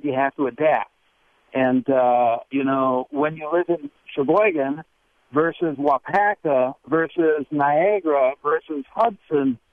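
A man calls in to a radio show and talks in a rambling, animated way. His slightly high voice comes through a tinny phone line. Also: no echo. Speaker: caller. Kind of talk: radio call-in comment.

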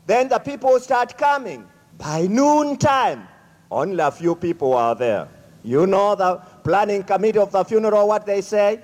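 A man telling a folk tale to an audience, slow and dramatic, speaking to them directly. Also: high voice, very animated. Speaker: storyteller. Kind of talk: animated folk-tale storytelling. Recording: echoey hall.

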